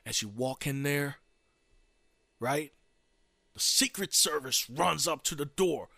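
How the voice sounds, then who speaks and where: A man doing stand-up storytelling, profane, with a drawn-out delivery. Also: fairly high pitch, animated, vocal fry, sharp tone, dry recording. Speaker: comedian.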